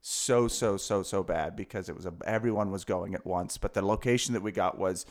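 A man's voice: sits low, a little fast. A man telling a rambling comedy anecdote among friends, hesitant with many fillers.

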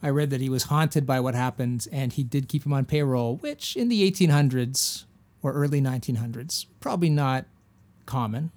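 A man's voice: mid-range voice, moderate pace, darkish tone. Chatty skeptical podcast man. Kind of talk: comedic history podcast chat.

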